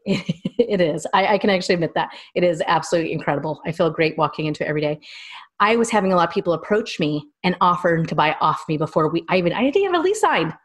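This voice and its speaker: A woman's voice: deep voice, fast. A woman in her thirties, a guest in a casual interview, telling long, rambling personal stories. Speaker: small business owner and guest.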